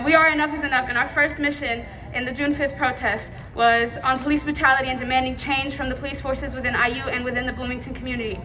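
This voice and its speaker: A young woman protest organizer giving an earnest, slightly nervous but determined rally speech outdoors. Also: high-pitched.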